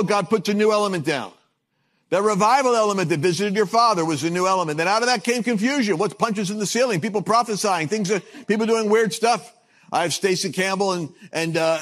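High-voiced animated preacher man. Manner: animated, jokey, swings loud and hushed. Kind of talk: sermon with storytelling.

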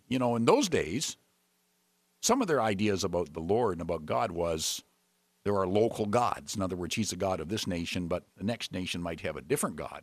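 A man preaching a sermon, retelling a story with lively voices for its characters. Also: sits low, dry recording, clean studio sound.

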